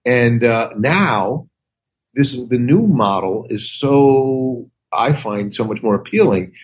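A man's voice: mid-range voice, slow pace. Older guy telling showbiz stories, acts out every exchange, voice jumps all over. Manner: animated storytelling, acts out quoted exchanges. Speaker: guest actor and comedian. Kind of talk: casual chat.

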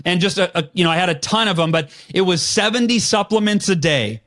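A man speaking as a guest in an interview, telling a personal story earnestly and with firm conviction, clearing his throat now and then. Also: high-pitched, fairly quick, a bit bright. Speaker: podcast guest.

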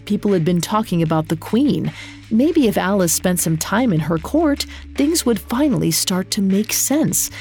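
Woman narrating a kids story, lowish voice, bit of gravel, soft music behind.

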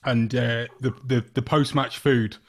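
A man's voice: medium pitch, fairly even intonation, a little slow. A man hosting a podcast, asking casual questions and sharing anecdotes, searching for words as he talks. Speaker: podcast host.

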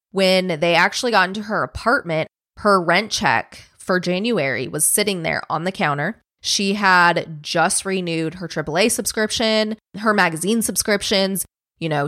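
A lower-pitched young woman telling a true crime story to her co-host in a relaxed, profane, chatty way. She slips into quick acted quotes of the people involved. The recording is dry and close. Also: dry recording. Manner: casual, swears a lot, acts out quotes. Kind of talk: casual storytelling chat.

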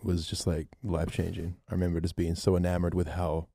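A man co-hosting a podcast, chiming in with quick reactions in casual chat. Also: low voice, little pitch movement, vocal fry, warm tone, no room sound, clean studio sound.

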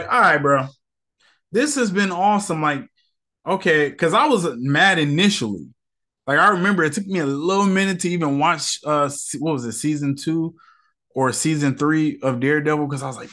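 A man's voice: a little high, normal speed, fairly bright tone. Slangy, irritated male podcast host. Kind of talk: casual solo podcast rant.

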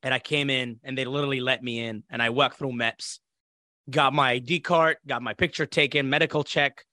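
The interview guest, a man from Iraq, narrates a story on a podcast at a slightly fast pace in a medium-pitched voice, lively and imitating others' voices as he goes. The sound is clean studio audio with no room sound.

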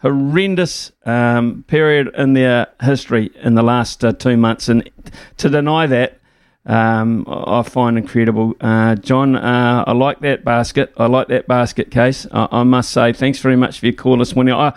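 Smooth-voiced New talkback host. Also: male voice, mid-range voice, fairly even intonation, no room sound, studio quality. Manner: blunt, takes calls briskly. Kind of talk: talkback radio chat.

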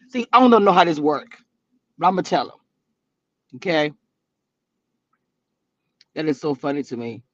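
A woman with a high, bright-pitched voice runs her live stream like a gossip session, teasing and cracking herself up. The sound is dull and lo-fi, with no room echo at all. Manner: sassy, teasing, laughs often, slangy. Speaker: reality TV blogger hosting a live stream. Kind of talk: casual live-stream chat reading comments. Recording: dull, lo-fi and dry.

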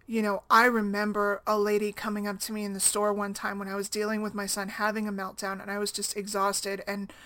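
A woman's voice: mid-range voice, bright, forceful tone. A woman in her thirties speaking casually about her own life, chatty, often asking "right?" and laughing easily. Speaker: single mom blogger. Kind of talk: casual personal talk.

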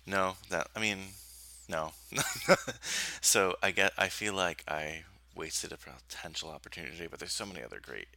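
A man's voice: deep voice, normal speed, gravelly, no room sound. A man hosting a podcast in casual chat, talkative and laughing often. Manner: chatty, laughs often, lively delivery. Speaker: podcast host.

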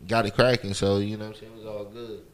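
A man from New York talking easily as a podcast guest, in relaxed slang with constant "you know what I'm saying". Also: on the low side, fast. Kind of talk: casual interview chat.

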